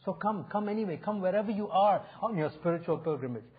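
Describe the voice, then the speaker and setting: Husky high-voiced pastor preaching. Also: male voice, expressive, fast talker. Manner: earnest, inviting, rising and falling emphasis. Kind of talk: sermon. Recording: phone-like narrow sound.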